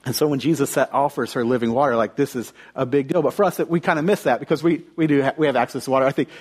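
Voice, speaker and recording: A man's voice: mid-range voice, fast, husky. A young man from the United States preaching a conversational sermon, telling stories and often restarting his phrases.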